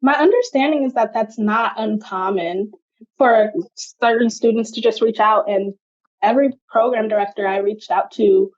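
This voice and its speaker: A woman's voice: fairly high pitch, moderate pace, a little mellow, lo-fi sound. A young adult woman, a genetic counselor, answering interview questions in a chatty way, often saying "like".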